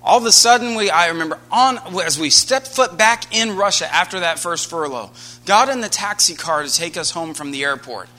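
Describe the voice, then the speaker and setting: This preacher from the United States has a voice that sits high and moves a little fast. Telling a personal story in his sermon, he is earnest at first and grows more animated and louder as his energy rises.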